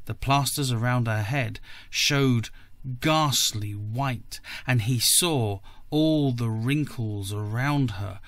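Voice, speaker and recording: A man reading a classic story aloud for a podcast, slowly and deliberately. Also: medium pitch, fairly bright tone, dry recording. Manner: slow, careful and deliberate. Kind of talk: audiobook-style story reading.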